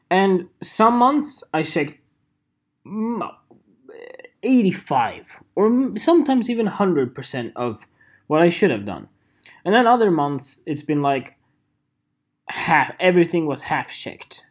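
A young man from Sweden with a Swedish accent, talking casually to camera as a photographer in a rambling, jokey vlog monologue. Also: a little high. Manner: rambling, animated, jokey asides with playful voices.

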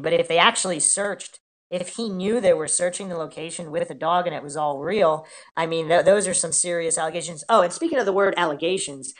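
A woman with a fairly low voice hosts a casual true-crime podcast. She reads out reports and posts, then picks them apart in a skeptical, questioning way. She often puts questions to her co-host.

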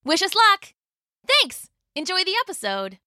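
A woman's voice: extremely high pitch, wildly swooping pitch, unhurried, bright, forceful tone, dry recording. A woman hosting a kids' story podcast, reading a scripted intro in a cheerful, upbeat way on a close studio mic. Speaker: podcast host.

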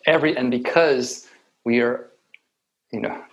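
A man giving a reflective meditation talk with light humor, often pausing and restarting his sentences. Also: mid-range voice, muffled recording. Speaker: meditation teacher.

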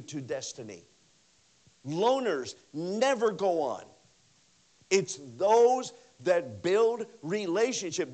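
A male pastor delivers a revival sermon with a high, very animated voice that climbs and drops sharply. He talks to the congregation in a casual, conversational way, full of repeats and asides, shifting from loud bursts to hushed lines. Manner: conversational, with many repeats and "you know". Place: church service.

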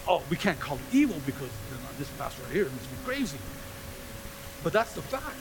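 Before his congregation, a pastor delivers an animated sermon, voicing the people he quotes and pelting listeners with rhetorical questions. His voice is a little high, brisk and creaky, with background noise behind it.

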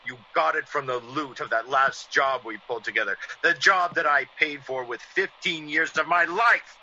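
An actor playing a vengeful, menacing ex-convict who sneers and gloats, in 1940s radio acting on a dull old radio recording. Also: male voice, on the high side, normal speed, sharp tone, pitched above the performer's own voice, exaggerated voice. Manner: sneering, theatrical villain with gloating laughs.

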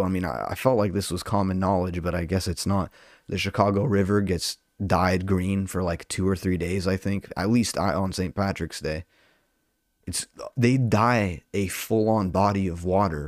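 A fired-up young man rants casually to his viewers, stumbling through filler words and swearing freely. His voice sits slightly low, and the recording is dry and close with no room sound. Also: fairly even intonation, moderate pace, no echo. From Albanian heritage. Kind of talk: casual rant to camera.

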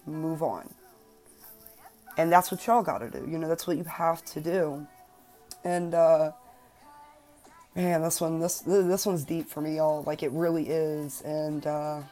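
A woman in her twenties hosts a personal self-help podcast in a low-sitting, slightly mellow voice. She talks earnestly and emphatically, swearing freely.

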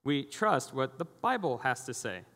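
A man's voice: medium pitch, very animated, unhurried, fairly bright tone. A man giving a sermon as a guest preacher, praying and then telling stories in a casual, chatty way with acted-out quotes. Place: church hall. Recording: long reverb of a large hall.

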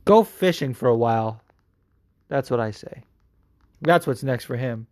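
A man hosting a show of listener calls, talking in a casual, profane and excitable way. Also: mid-range voice, unhurried, no room sound. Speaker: podcast host answering listener calls. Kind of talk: casual chat.

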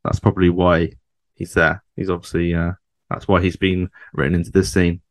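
A low-pitched man talks through a sitcom episode in a relaxed, chatty way. He often stops to ask his co-host questions. The sound is dry and close. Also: moderate pace, no room sound. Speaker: podcast co-host. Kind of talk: casual chat recapping a sitcom episode.

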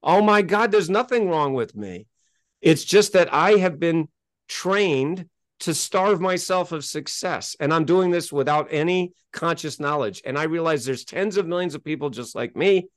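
A middle-aged man telling his story as a podcast guest, animated and emphatic, and he gets worked up as he talks. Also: on the high side, moderate pace, dry recording, clean studio sound. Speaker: interview guest.

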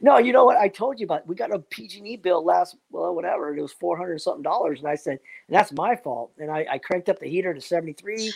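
A man's voice: high voice, expressive, fast, vocal fry, few pauses, breathy edge. A man chatting casually, rambling and upbeat, full of fillers and motivational asides. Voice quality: rambling, repeats "man" and "you know what". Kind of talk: casual chat.

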